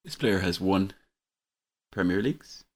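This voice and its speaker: An Irish man hosting a casual podcast football quiz, relaxed and chuckling, slightly tipsy. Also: deep voice, a little slow, a little hiss or hum. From Ireland. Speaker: quiz host.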